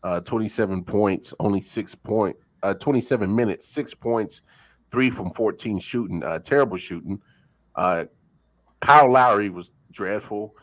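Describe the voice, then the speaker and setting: A man hosting a casual late-night sports talk show, animated and filling his talk with hesitations. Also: fairly low pitch, moderate pace. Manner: animated, hesitant with many fillers.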